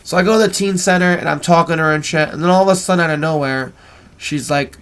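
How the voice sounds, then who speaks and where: Profane rambling man, slightly high voice. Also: fast talker, fairly bright tone, clean tone. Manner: rambling, profane, keeps asking "right?". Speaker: gaming video host. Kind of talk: casual storytelling over gameplay.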